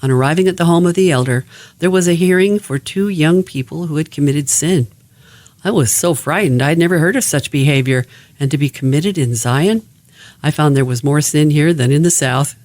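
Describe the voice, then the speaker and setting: A man's voice: fairly high pitch, brisk, darkish tone, no echo. Man reading a memoir, dry sound. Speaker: reader of a family memoir.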